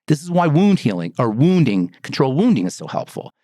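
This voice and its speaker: Animated man explaining with rhetorical questions. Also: mid-range voice, brisk, no room sound, studio quality. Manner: animated, rhetorical, acts out exclamations. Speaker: pharmacist and skin care formulator. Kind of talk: explanatory podcast talk.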